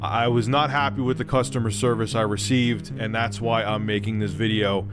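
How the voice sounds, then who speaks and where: A man's voice: on the low side, steady tone, moderate pace. A man making a video, ranting to camera in an indignant, self-righteous way. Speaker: video creator. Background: clear background music.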